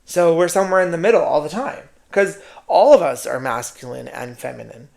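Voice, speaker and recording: Brief: male podcaster, gravelly voice, sassy and foul-mouthed solo talk. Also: a little high, animated, brisk, a little mellow. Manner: sassy, profane, keeps adding "right?". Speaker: podcast host. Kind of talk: casual solo monologue.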